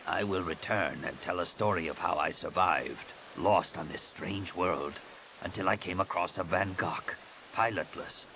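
A man voicing a gruff, guarded alien male warrior with curt speech in an audiobook reading. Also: low voice, unhurried, background noise.

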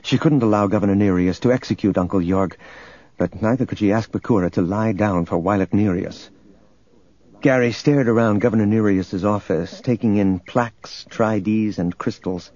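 A man reading a novel aloud as narrator, in a measured, even storytelling manner. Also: on the low side. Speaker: audiobook narrator. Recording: dull lo-fi recording.

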